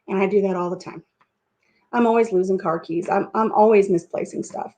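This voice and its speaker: A woman's voice: medium pitch, fairly even intonation, brisk, a little mellow. Middle-aged woman, chatty host who wanders off topic, easygoing live-stream talk at home. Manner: rambling, goes off on tangents. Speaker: livestream host. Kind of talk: casual chat. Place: at home, painting a rock over coffee.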